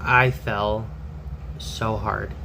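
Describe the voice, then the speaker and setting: A man's voice: on the low side, flat delivery, drawn-out words, vocal fry, background noise. A man telling a personal story in a candid, rambling way, full of fillers and restarts.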